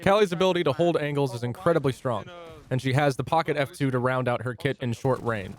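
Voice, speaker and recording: A man's voice: medium pitch, quick pace. A young man reading a scripted game guide with dry, jokey asides. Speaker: gaming YouTuber.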